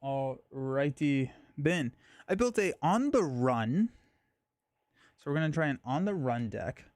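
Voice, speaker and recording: A man's voice: on the high side, very animated, measured pace, a little mellow, no echo. A man hosting a live stream, chatting casually and thinking aloud, with frequent fillers and restarts.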